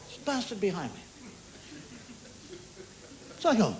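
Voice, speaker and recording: A man's voice: very high voice, sing-song, normal speed, noisy background. A man performing a stand-up comedy monologue as host, telling conversational stories with crude punchlines and mimicked car horns. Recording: TV studio with loud audience laughter. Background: loud studio audience laughter.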